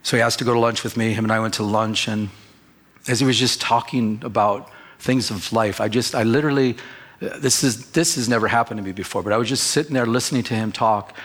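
A middle-aged male pastor telling a personal story in a sermon, animated and conversational, acting out his own past words. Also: medium pitch, a little fast. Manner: storytelling, animated when quoting himself.

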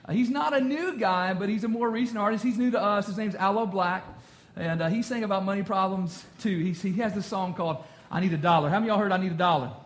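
A man's voice: sits high, fast talker. A man in his thirties preaching a casual, jokey sermon to a congregation. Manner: jokey, conversational, quotes song lyrics. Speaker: pastor.

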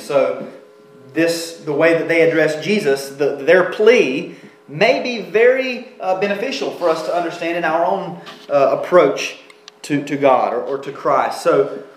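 Pastor guy preaching, kinda high voice, lots of restarts, roomy echo. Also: a little hiss or hum. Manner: explanatory, emphatic, halting restarts. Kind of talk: sermon.

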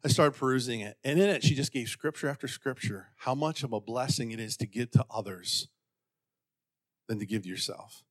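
A pastor telling a personal story from the pulpit, acting out voices in a raised pitch and sinking to quiet, intimate passages. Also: male voice, a little fast. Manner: animated, acts out quotes in a raised pitch. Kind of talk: sermon storytelling.

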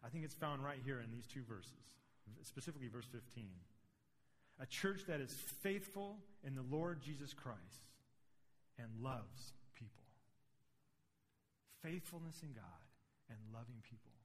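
A man's voice: mid-range voice, animated, measured pace. A middle-aged man preaching a sermon as pastor, conversational and building to emphatic points. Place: church sanctuary. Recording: long reverb of a large hall.

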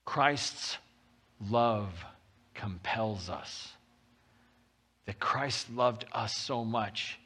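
A man preaching a sermon as pastor, talking in a lively, conversational way and reading scripture aloud with rising intensity. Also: on the low side, drawn-out words, pauses often, husky. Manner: animated and conversational, often acting out quotes.

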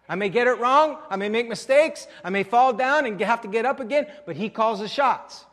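Man, French Canadian, pastor, sermon, high voice, emphatic, long hall reverb. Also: brisk, hardly any pauses. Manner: emphatic preaching, rising loud for key phrases, then dropping low.

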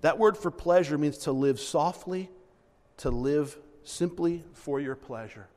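A man's voice: a little high, a little slow, a little mellow, long reverb tail. A man preaching a sermon in a conversational style, acting out little asides and correcting himself mid-sentence. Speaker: pastor.

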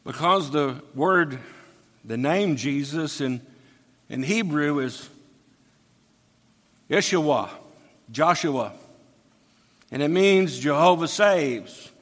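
A man's voice: a little high, lively intonation, takes it slowly, long pauses, fairly bright tone. A man preaching an expository sermon, reading scripture aloud and explaining it verse by verse. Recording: long hall reverb.

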